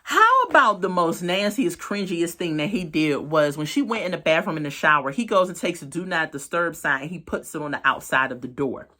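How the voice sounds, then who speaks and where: A woman's voice: brisk, hardly any pauses. Outraged woman recapping reality TV. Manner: expressive, outraged, swings pitch for emphasis. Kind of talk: casual commentary.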